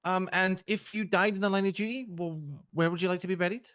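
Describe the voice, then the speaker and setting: Brisk woman asking interview questions. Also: lowish voice, fairly even intonation, a bit bright, smooth, no room sound, studio quality. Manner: brisk, matter-of-fact questions. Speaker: police interviewer in role-play. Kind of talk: in-character game role-play.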